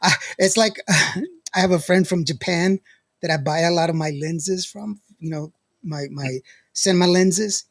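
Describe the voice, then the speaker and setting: A man's voice: sits high, measured pace, no room sound. A man hosting a podcast in casual chat, reading live comments and rambling with frequent laughs. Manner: rambling, laughs often, lots of restarts. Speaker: podcast host.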